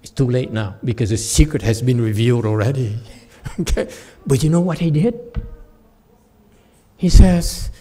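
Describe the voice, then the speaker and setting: A man giving a Buddhist Dharma talk as a Chan master, telling a story with lively acted-out quotes. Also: mid-range voice, normal speed, long pauses. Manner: animated storyteller who acts out quoted speech and laughs at his own jokes.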